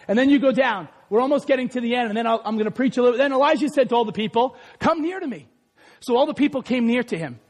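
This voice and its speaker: A man preaching a lively sermon, reading scripture aloud, joking with the congregation and shouting for emphasis. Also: extremely high pitch, big-room sound. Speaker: pastor. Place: church sanctuary.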